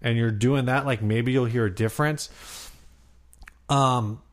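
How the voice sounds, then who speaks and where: A man's voice: medium pitch, fairly even intonation, unhurried. Rambling man in casual podcast chat. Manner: rambling, lots of fillers and restarts. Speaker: podcast co-host.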